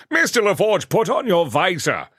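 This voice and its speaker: A man's voice: high-pitched, huge pitch swings, a little slow, a bit bright, slightly rough, no room sound, studio quality, voice pushed up, exaggerated voice. A man voicing a commanding old male sea admiral in a grand, theatrical stage manner. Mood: stately. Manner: grand, clipped stage delivery, a self-described bad impression of a famous actor.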